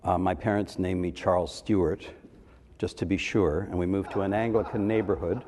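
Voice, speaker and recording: A man's voice: sits low, fairly even intonation, moderate pace, dark tone. Older man telling stories in a hall. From Canada. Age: 70s. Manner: anecdotal, playful, acts out quoted voices. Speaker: panelist. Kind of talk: storytelling panel talk. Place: large hall. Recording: reverberant hall.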